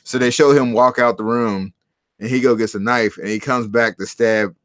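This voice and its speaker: A man's voice: mid-range voice, steady tone, normal speed, dry recording. A man retelling a horror movie plot in loose, casual chat, acting out lines of dialogue as he goes. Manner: loose storytelling, acts out quotes. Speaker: podcast co-host.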